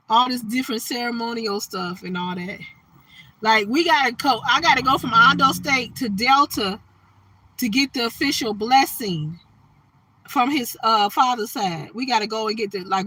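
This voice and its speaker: A woman's voice: on the high side, moderate pace, sharp tone, poor audio. A woman chatting casually on a livestream, talking animatedly with her viewers. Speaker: livestream host.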